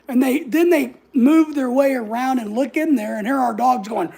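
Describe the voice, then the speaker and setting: With a high-pitched, warm voice and some vocal fry, this vlogger tells a story at a moderate pace in a casual vlog. She's sassy and blunt, swears freely, and acts out what other people said.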